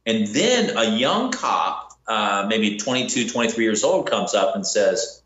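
Storytelling man in an echoey room. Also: unhurried. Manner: animated, acts out quotes with rising pitch. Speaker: bounty hunter telling a story. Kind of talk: casual podcast storytelling. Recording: echoey room, dull lo-fi sound.

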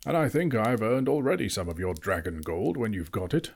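A man's voice: lowish voice, expressive, brisk, vocal fry, husky, heavily acted. A man reading aloud, voicing an old male wizard who lectures emphatically and turns cross easily. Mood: stern.

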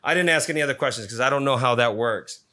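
A man's voice: mid-range voice, fast talker, sharp tone. A man casually telling a story, swearing constantly and retelling it with energy.

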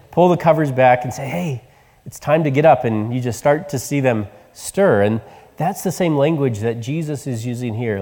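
A man preaches a storytelling sermon in a large church hall, his voice trailing off into a long reverb. He has a mid-pitched voice and goes soft and hushed for the tender moments. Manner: storytelling, drops to soft tender tones for quoted words. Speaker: pastor.

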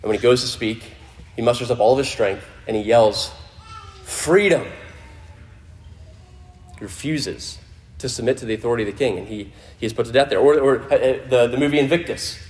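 A man preaching a sermon to a congregation in a conversational way, often restarting phrases and dropping his voice low for emphasis. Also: quick pace, a little mellow. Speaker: pastor. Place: church in front of a congregation.

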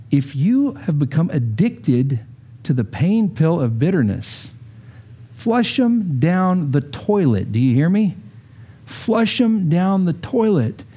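A man preaching with a high, lively voice that swoops up and down. He tells stories in an animated way and gives voices to the people in them. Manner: animated storytelling with acted quotes. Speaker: pastor. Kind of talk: sermon.

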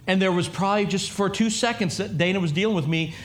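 A middle-aged male pastor preaching a sermon in an animated way, acting out voices and often repeating himself. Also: high voice, fast.

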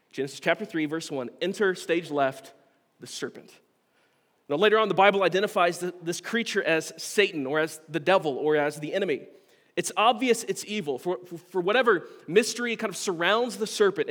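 A man with a notably high voice preaches an earnest, expository sermon, stumbling into restarts as he works through his points. His words ring out with a long reverb, as in a large hall. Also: a bit bright. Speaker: pastor.

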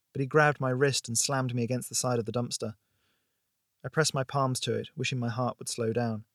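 A man reading a tense story aloud with steady, expressive delivery at a mid pitch. The recording is dry and close, with no room echo at all. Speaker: narrator. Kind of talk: audiobook narration.

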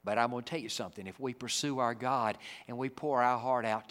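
A man preaching a sermon. He acts out the people in the story and swings between booming lines and hushed ones. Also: fairly even intonation, fairly quick, few pauses, big-room sound. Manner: dramatic, acts out the Bible figures, swings from loud to hushed.

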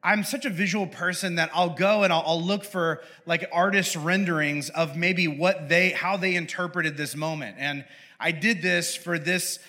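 Chatty bright-voiced young man preaching. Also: fairly high pitch, fairly even intonation, moderate pace. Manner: chatty, self-interrupting, playful. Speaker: pastor. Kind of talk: casual humorous sermon.

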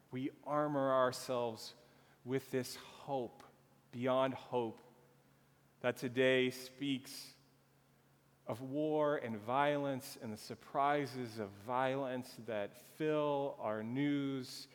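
A man pastor preaching a sermon slowly and earnestly, drawing out his phrases. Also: medium pitch. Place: church sanctuary. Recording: long reverb of a church hall.

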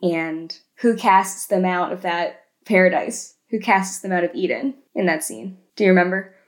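A woman co-hosting a casual podcast, retelling film scenes in an animated way and tagging lots of questions. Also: fairly low pitch, normal speed. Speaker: podcast co-host.

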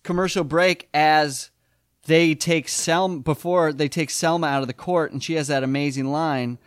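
A man with a smooth, resonant voice rambles through an episode recap. He talks casually, swears freely and loses his thread at times. The recording is dry and close. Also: fairly high pitch, fairly even intonation, moderate pace, dry recording. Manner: rambling, swears casually, many fillers and restarts. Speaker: podcast co-host.

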